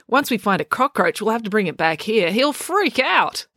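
A woman's voice: a little high, big pitch swings, moderate pace, bright, forceful tone, dry recording, clean studio sound, voice pushed up, exaggerated voice. A woman voicing a nervous boy who coaxes and placates. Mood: coaxing. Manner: coaxing, nervous.

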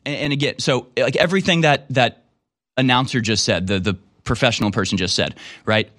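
A man's voice: mid-range voice, lively intonation, brisk, a bit bright, dry recording, studio quality. A man giving casual commentary on a clip in a sarcastic, emphatic way.

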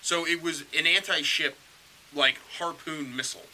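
A man co-hosting a podcast, telling a history story in a crude, profane, animated way. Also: on the high side, normal speed, a little hiss or hum, rough recording. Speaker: podcast co-host.

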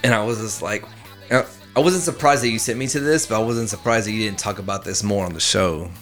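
A man's voice: fairly low pitch, fast talker, soft background music. Swearing, rambling man telling stories. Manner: rambling storyteller, swears freely. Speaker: podcast co-host. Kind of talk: casual chat.

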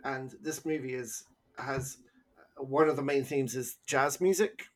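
A man's voice: mid-range voice, steady tone, unhurried. Rambling male podcast co-host. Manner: rambling, self-deprecating, with sung and mimicked bits. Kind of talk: casual film review chat.

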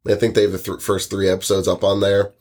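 A woman's voice: very deep voice, monotone, quick pace, a little mellow. Young woman tossing out dry quips. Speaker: podcast co-host. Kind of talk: casual chat.

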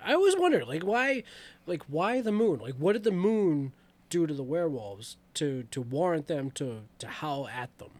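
A man's voice: on the high side, big pitch swings, normal speed. A young man co-hosting a podcast, laid-back, with short replies and wisecracks. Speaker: podcast co-host. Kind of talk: casual chat.

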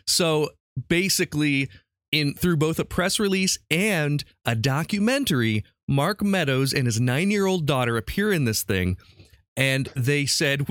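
A man's voice: a little high, expressive, unhurried, fairly bright tone, no echo, studio quality. A man hosting a casual comedy podcast quiz, chatty and laughing often as he reads out questions. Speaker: podcast host quizzing a guest.

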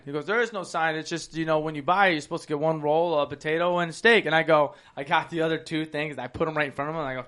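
Young guy co-hosting, higher voice, swears a lot, rambles on and on. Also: fairly even intonation, racing, hardly any pauses, fairly bright tone. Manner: profane, rambling storyteller. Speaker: podcast co-host. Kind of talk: casual chat.

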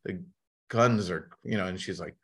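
A middle-aged man, a musician guest on a podcast, telling wry, animated anecdotes and acting out what people said to him. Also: low voice, normal speed. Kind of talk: casual storytelling in a podcast interview.

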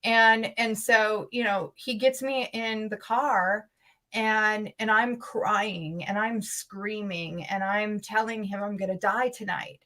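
Woman, interview guest, earnest, urgent, restarts often, mid pitch. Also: steady tone, slow, sharp tone. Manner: emotional, intense storytelling. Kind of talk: personal story in an interview.

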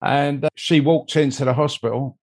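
Older man, rambling anecdotal storytelling, interview guest, mid-pitched voice. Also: fairly even intonation, normal speed, a little mellow. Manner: rambling, anecdotal, frequent "you know" asides. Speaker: interview guest, mold investigator. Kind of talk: conversational storytelling.

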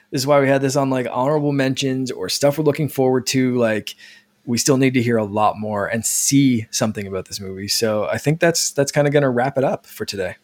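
A man co-hosting a gaming podcast, chatting casually in a rambling, hesitant way with sighs and fillers. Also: medium pitch. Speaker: podcast co-host. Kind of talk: casual chat.

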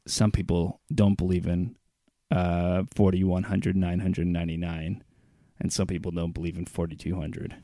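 Chill podcast guy, lowish voice, kinda rambly, dry close sound. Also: little pitch movement, moderate pace, dark tone, no echo. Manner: laid-back, rambling with fillers. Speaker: podcast co-host. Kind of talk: casual podcast chat.

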